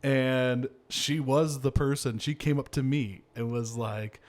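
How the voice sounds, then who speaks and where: A man's voice: medium pitch, fairly even intonation, takes it slowly. A man hosting a podcast in casual chat, telling stories in a rambling way with lots of fillers and laughter. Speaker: podcast host.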